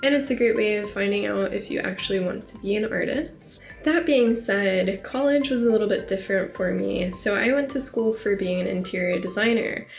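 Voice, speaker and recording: A woman's voice: mid-range voice, normal speed, vocal fry, roomy sound, soft background music. A woman in her twenties from Northwest Arkansas, chatting casually to camera about herself as an artist, with plenty of "like" fillers. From Northwest Arkansas, USA. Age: 20s. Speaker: artist vlogger.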